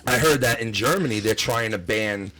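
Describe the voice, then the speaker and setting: A man's voice: mid-range voice, bright, forceful tone, slight background noise, poor audio. A man in his thirties hosting a crude, casual chat show and telling stories full of swearing. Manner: fast, profane storyteller. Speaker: show host.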